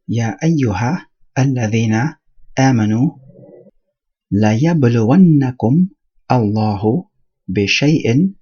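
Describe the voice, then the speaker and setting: Husky-voiced man explaining Quran verses. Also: medium pitch, darkish tone, dull audio. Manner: explains slowly, pausing between short phrases; recites Arabic verses between English explanations. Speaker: Quran teacher.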